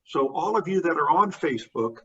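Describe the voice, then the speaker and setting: A man hosting a community event, speaking in a halting way with many fillers. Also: a little high, animated, breathy edge. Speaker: event host. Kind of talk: casual hosting remarks. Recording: distant, dull sound.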